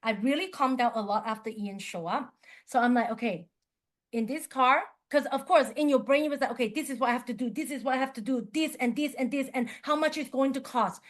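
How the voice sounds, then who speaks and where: A woman's voice: sits high, fairly quick. A woman qigong teacher telling a personal story in a workshop, acting out the dialogue in simple English and laughing often.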